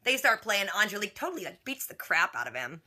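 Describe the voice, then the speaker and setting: Speaking fast in a sing-song, medium-pitched voice, a young TV reaction vlogger chats through an episode recap. Her tone is bright and forceful, and her slangy talk is loaded with "like."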